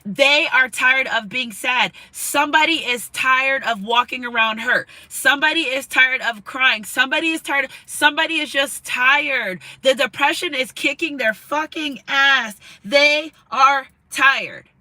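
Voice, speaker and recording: Very bright-voiced woman reading tarot. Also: high voice, moderate pace, hardly any pauses, dry recording, poor audio. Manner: emotional, repetitive, casual with swearing. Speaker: tarot reader. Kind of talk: tarot card reading to camera.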